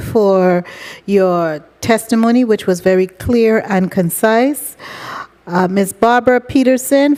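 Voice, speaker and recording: A woman's voice: mid-range voice, darkish tone. A woman chairing a legislative hearing, courteously thanking speakers and calling the next testifier. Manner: courteous, procedural. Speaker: committee chair.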